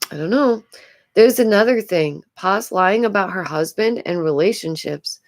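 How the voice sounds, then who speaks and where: A woman hosting a casual commentary vlog, exasperated and rambling, breaking into frequent laughs. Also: mid-range voice. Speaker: YouTube commentary host.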